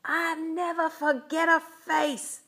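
A woman's voice: medium pitch, slow, vocal fry. Grandma doing a cranky old man who hates kids. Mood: furious.

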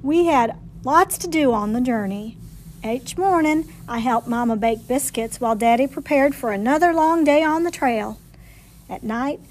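A woman reading a picture book aloud at library storytime, with expressive, playful storytelling. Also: high voice.

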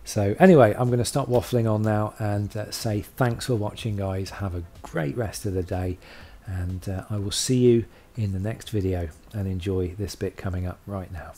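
A man's voice: on the low side, steady tone, normal speed, few pauses, warm tone. A man hosting a casual video log, chatty and self-deprecating, rambling with lots of fillers. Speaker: channel host.

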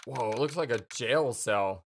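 A woman's voice: a bass voice, a little slow, slight background noise. A woman reading game dialogue aloud as a dry, sensible young male lawyer. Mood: deadpan. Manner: dry, deadpan.

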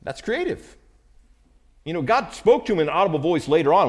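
An American man delivering a sermon to a congregation. His pitch climbs and falls freely, and he breaks into short acted-out lines for the people in the scripture story. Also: normal speed. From United States. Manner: animated, acts out Bible characters' lines. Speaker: preacher.

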